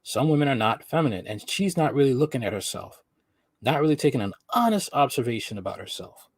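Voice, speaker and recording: A man's voice: medium pitch, big pitch swings, brisk, creaky, husky, no echo. Emphatic man lecturing, dry sound. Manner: emphatic, lecturing, repeats points. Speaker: host. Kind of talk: reaction commentary.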